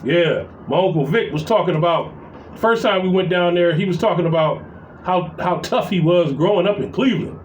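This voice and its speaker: High, animated man venting in an echoey room. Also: moderate pace. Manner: animated, profane storytelling. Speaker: vlogger. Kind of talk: casual venting monologue. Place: at his workplace, indoors. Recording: echoey, distant mic with faint background noise.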